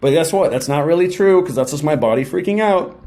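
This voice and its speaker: A young man giving a casual motivational talk straight to his viewers, energetic and slangy, often acting out quick imagined exchanges. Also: on the high side. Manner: energetic, slangy, acts out quick mock dialogues. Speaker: self-help video host.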